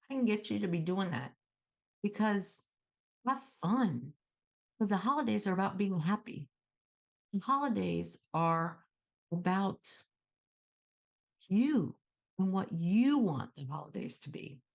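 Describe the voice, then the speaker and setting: Animated woman hosting a self-help show. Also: medium pitch, takes it slowly, vocal fry, long pauses. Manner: animated, coaching, acts out calm self-talk. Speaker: host.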